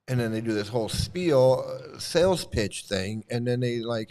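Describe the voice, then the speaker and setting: A man's voice: medium pitch, very animated, normal speed, vocal fry. A man delivering a rambling, sarcastic commentary rant as an online commentator.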